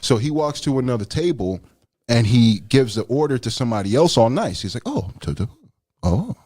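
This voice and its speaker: A man's voice: expressive, fairly quick, dark tone, dry recording, studio quality. A young man who is a guest rapper, chatting casually on a call-in radio show, laid-back and swearing freely. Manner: laid-back, swears freely, squeals high when acting out his own surprise.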